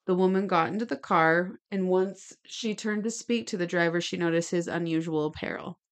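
A woman with a somewhat low voice tells a true-crime story on a casual podcast. She reads from her notes and breaks off into chatty asides. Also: moderate pace. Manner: gestures while talking. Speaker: podcast co-host.

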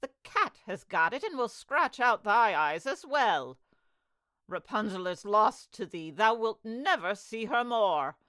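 A woman voicing a cruel old enchantress in a storybook reading, speaking loudly and drawing out her scornful words. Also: mid-range voice, big pitch swings, measured pace, clean tone, no echo. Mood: mocking. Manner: mocking, loud and drawn out.

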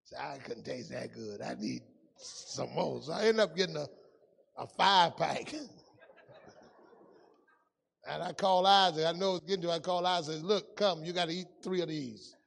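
A male pastor preaching a sermon in a church, telling stories and swinging from loud calls to hushed asides. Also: on the high side, moderate pace, vocal fry, pauses often, big-room sound. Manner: storytelling preacher, swings from loud to hushed, folksy Southern-style grammar.

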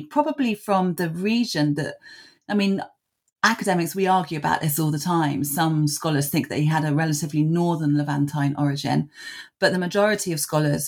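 Deep-voiced, this female writer and academic gives long, considered interview answers, peppered with ums and small self-directed laughs.

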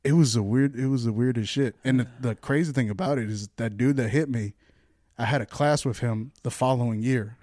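A man telling a story in casual chat, animated and swearing freely. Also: mid-range voice, fairly quick, no echo, clean studio sound.

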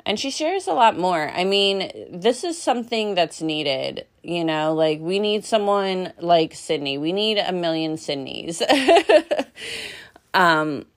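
A woman's voice: fairly low pitch, expressive, unhurried, few pauses. A young woman hosting a podcast, chatting casually with fillers and light laughs. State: out of breath. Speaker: podcast host.

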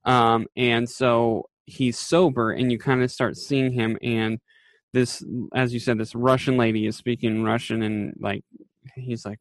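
A man's voice: medium pitch, level tone, a little slow, no echo. A man in casual podcast chat, recapping a TV episode in a rambling way, with lots of fillers and quoted lines acted out. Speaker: podcast co-host.

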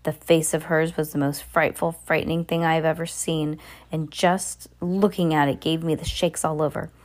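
A woman with a low voice reads a novel aloud at home-reader level, not as a polished narrator. She trips over words and starts phrases again as she goes. Now and then she breaks off to speak to someone beside her. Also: level tone, normal speed, darkish tone. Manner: casual amateur reading with stumbles and restarts; asides to a listener beside her.

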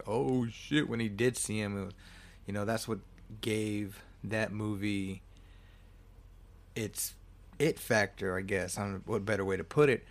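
Casting: laid-back guy with a lowish voice, loose movie recap full of swearing and self-corrections. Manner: rambling, swears freely, corrects himself often. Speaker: movie reviewer. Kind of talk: casual film recap.

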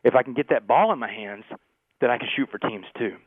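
A man telling a gripping personal story as a podcast guest, animated and peppering his talk with "man". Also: mid-range voice, slightly rough, dry recording. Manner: fast, animated storyteller, keeps saying "man". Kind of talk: storytelling interview. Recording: tinny phone-like line.

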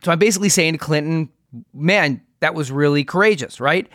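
A man's voice: fairly high pitch, brisk, a bit bright, no echo, studio quality. A man hosting a talk show, laughing along and trading his own stories. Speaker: podcast host. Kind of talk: casual interview chat.

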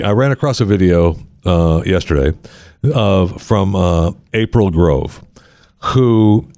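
A man's voice: low-pitched, a little mellow, no echo, studio quality. A man hosting a talk podcast, rambling and sarcastic as he banters with his co-host. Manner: sarcastic, rambling, mock-pleading. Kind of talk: casual talk show banter.

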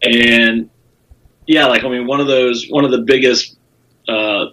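A man's voice: mid-range voice, steady tone, a little slow, bright, forceful tone, poor audio. A man with a Southern US accent, a comedian telling stories in a casual podcast chat, rambling with lots of fillers and cursing. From South Carolina. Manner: rambling storytelling with frequent fillers and profanity. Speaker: comedian guest.

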